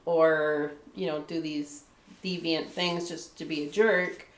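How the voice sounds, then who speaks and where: A woman's voice: sits low, steady tone, slow, echoey room. A woman from Michigan, a guest author on a live stream, talking candidly in casual chat, with a lot of "like" and "you know" and frequent laughs.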